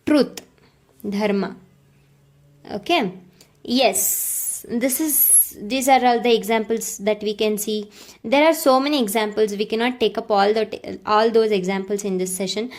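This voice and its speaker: Slow-paced woman teaching a language lesson. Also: medium pitch. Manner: repeats words, checks in with "okay" and "right". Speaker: Kannada teacher.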